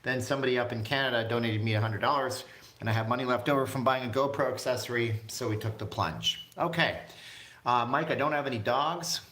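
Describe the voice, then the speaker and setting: This man's mid-range voice is pushed and bright, moving fairly quickly. He's a vlog host doing a relaxed live stream from home, rambling and reading viewers' comments aloud. The recording has an echoey room sound.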